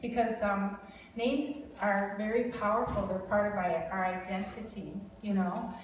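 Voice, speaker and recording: Recorded from a distance in an echoing large hall with slight background noise, a guest speaker from Wisconsin, USA chattily prophesies over a family. She speaks in a steady, unhurried medium pitch, laughing a lot and rambling into asides.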